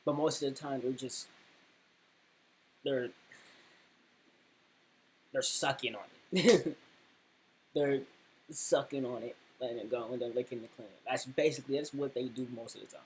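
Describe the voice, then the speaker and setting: Male reaction host, casual, halting delivery, faint noise. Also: mid-range voice, steady tone, darkish tone, low-quality recording. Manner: halting, repeats words, laughs along.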